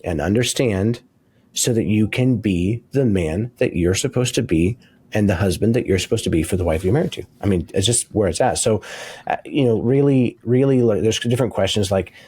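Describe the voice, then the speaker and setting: Man, co-host, low husky voice, emphatic, preachy delivery. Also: brisk, warm tone. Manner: emphatic, preachy, laughs easily. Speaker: podcast co-host. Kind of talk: casual faith podcast talk.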